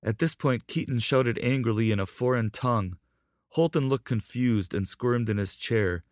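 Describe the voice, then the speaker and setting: A man reading a scripted documentary narration in a measured, even way. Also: mid-range voice, no room sound, studio quality.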